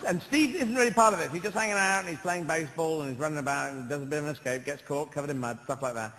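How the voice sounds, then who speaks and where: A man's voice: fairly high pitch, very fast, fairly bright tone. A British man doing a stand-up comedy routine on stage, rambling and digressive, correcting himself mid-sentence and swearing often, with a live audience laughing. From Britain. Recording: echoey live venue with crowd and noise.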